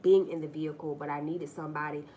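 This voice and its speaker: A woman's voice: low-pitched, flat delivery, fast talker, warm tone, a little hiss or hum. A woman hosting a casual livestream, telling stories straight to her viewers in a blunt, profane way and acting out the people in them, on a phone mic. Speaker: livestream host. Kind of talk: casual live-stream storytelling.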